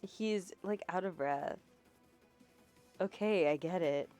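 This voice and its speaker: A woman's voice: fairly low pitch, slow pace, mellow. Chatty woman streamer live-translating a game. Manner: casual, chatty, laughing asides. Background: game music.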